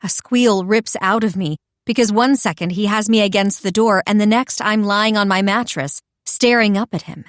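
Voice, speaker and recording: Lady reading a romance audiobook in first person, expressive, mid pitch, dry close sound. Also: normal speed, few pauses, no echo. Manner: expressive, intimate storytelling. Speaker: audiobook narrator.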